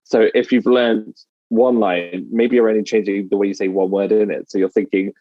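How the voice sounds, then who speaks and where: A man with a Midlands English accent speaks in a low, steady voice, laying out his ideas in a measured way. His audio is dry and a bit muffled, with no room echo around it. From England. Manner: measured, explanatory. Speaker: dialect coach. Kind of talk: podcast interview.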